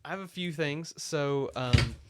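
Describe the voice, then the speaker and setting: A man's voice: fairly high pitch, measured pace, noisy background. A man co-hosting a podcast, mostly listening with short affirmations and occasional remarks. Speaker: podcast co-host. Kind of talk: casual chat.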